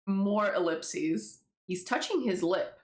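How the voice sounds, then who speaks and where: A webtoon creator reads her own comic, rambling casually through commentary, swearing freely and laughing along the way. Her voice is medium in pitch and slow, and the room is echoey.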